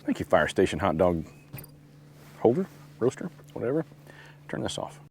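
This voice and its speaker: A man's voice: sits low, big pitch swings, moderate pace, slight background noise. A man, rambling casually in an outdoor camping vlog and talking to his dog. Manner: laid-back, rambling, talks to his dog. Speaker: outdoor vlogger. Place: outdoors at a lakeside campsite.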